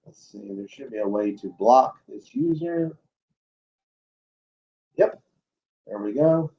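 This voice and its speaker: A man's voice: on the low side, lively intonation, takes it slowly. Skeptical man hosting a lo-fi livestream. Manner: skeptical, blunt asides with chuckles. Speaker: host of a cryptid livestream show. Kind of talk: casual livestream talk, reading news stories aloud.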